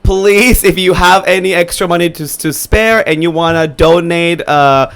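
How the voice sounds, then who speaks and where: A man co-hosting a podcast from his room, chatting in a campy, excitable way and swearing freely. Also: high voice, normal speed. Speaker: podcast co-host. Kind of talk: casual chat. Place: home room.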